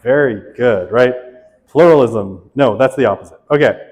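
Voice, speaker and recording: A man's voice: medium pitch, normal speed, darkish tone, big-room sound, soft background music. A male instructor running a class quiz review, reading questions aloud and joking with students.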